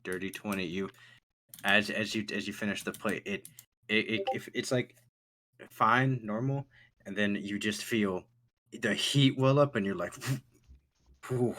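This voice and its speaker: A man's voice: lowish voice, unhurried, fairly bright tone. A man narrating as game master of a tabletop game, loose and rambling with many restarts.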